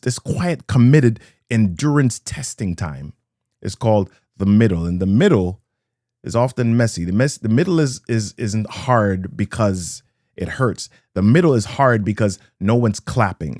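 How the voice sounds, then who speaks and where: Male motivational speaker, lower register, rhythmic and repetitive delivery, dry close recording. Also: lively intonation, measured pace, a little mellow, no echo. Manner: rhythmic, repeats key lines, greets viewers. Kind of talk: live-streamed motivational talk.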